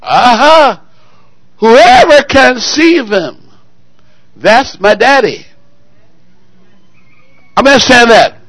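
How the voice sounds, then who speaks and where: A married man preaching a sermon, firing call-and-response questions at the congregation and swinging between loud exclamations and quiet asides. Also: very high-pitched, very animated, drawn-out words, pauses often, no room sound, poor audio. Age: adult, married.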